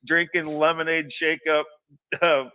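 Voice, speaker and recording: A man's voice: a little high, little pitch movement, unhurried, bright, forceful tone, clear, resonant tone, far from the mic. A man telling a long personal anecdote in a casual, rambling way, full of restarts and asides. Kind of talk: casual storytelling.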